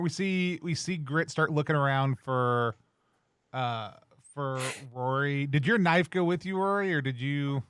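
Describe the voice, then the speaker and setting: A man's voice: on the high side, a bit bright, smooth, no room sound, clean studio sound. A man playing a character in a tabletop game, indignant and rambling. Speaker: player. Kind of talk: tabletop role-play chat.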